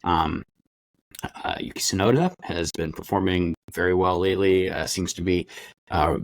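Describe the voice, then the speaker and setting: A man co-hosting a podcast in casual chat, talking in a measured, hesitant way with frequent uhs. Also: sits low. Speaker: podcast co-host.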